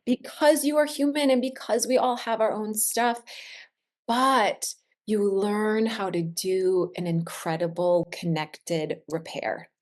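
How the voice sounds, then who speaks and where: A woman in her thirties, a wellness expert, talking earnestly and reflectively in a heartfelt conversation, slowing down on the phrases she stresses. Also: medium pitch, darkish tone.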